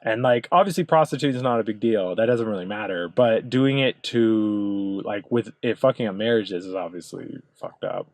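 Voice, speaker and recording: A man's voice: lowish voice, lively intonation, moderate pace, hardly any pauses, dry recording. A man ranting through a commentary video, insistent and profane, with a rambling delivery full of fillers. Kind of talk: ranting commentary over card images.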